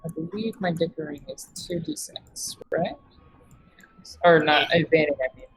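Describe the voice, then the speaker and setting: A woman's voice: low-pitched, very animated, moderate pace, creaky, husky, low-quality recording. A woman playing a tabletop game in a put-on British accent that slips toward Australian, chatty and theatrical. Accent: put-on British accent, slipping toward Australian. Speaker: player.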